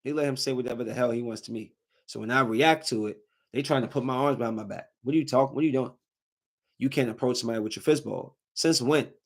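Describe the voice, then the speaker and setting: A man hosting a podcast, ranting heatedly in casual speech, his voice climbing toward a shout as he gets angry. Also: medium pitch. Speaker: podcast host.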